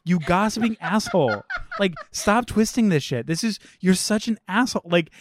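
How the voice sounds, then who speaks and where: A man's voice: high-pitched, expressive, moderate pace, noisy background. A man co-hosting a casual movie podcast, chatty, full of "like," swearing freely. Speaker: podcast co-host.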